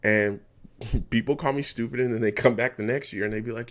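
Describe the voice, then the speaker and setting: Medium-pitched and talking a little fast, a man streams his live reaction to a football game. Between reading chat comments aloud, he launches into animated, heated rants at the team about its play calls.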